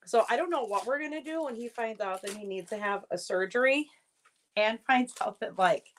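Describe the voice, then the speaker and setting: A woman in her thirties hosting a live jewelry sale, rambling through family stories with many fillers and acting out her kids' lines in a higher voice. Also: normal speed, a little hiss or hum, low-quality recording. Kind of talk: casual chatty live selling.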